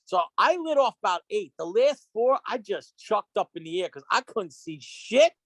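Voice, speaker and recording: A man as a podcast guest, telling stories in an excitable, rambling way, full of restarts and acted-out quotes. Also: high-pitched, moderate pace, no echo. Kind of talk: casual storytelling chat. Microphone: podcast microphone.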